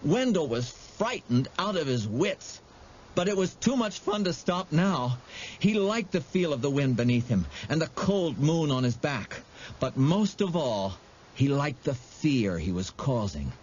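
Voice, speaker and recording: A man narrating an audiobook with dramatic, expressive storytelling. He reads slowly, and his fairly high voice rises and falls a great deal. The recording is a little muffled, with faint noise underneath.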